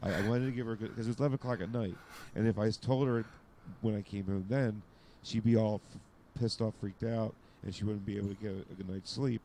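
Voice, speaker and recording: A man co-hosting a podcast, telling a story in a rambling, halting way. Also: fairly low pitch, fairly even intonation, warm tone, slight background noise. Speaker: podcast co-host. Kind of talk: casual chat.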